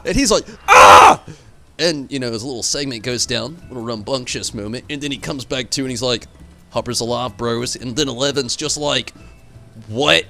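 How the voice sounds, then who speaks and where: A man's voice: medium pitch, a bit bright. A man streaming a game live, rambling animatedly, answering chat and swearing casually. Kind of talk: live gameplay stream commentary.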